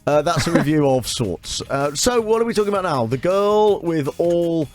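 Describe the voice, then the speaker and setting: A man hosting a radio show, teasing his guest with quick, playful banter. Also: a little high, animated, faint music behind. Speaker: radio host. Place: radio studio.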